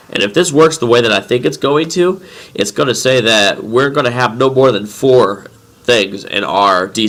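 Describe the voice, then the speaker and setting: A congested man talking casually through his trading bot settings, rambling with halting restarts. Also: lowish voice, creaky, fairly bright tone, slight background noise. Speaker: crypto trading bot vlogger. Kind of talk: casual screen-share commentary.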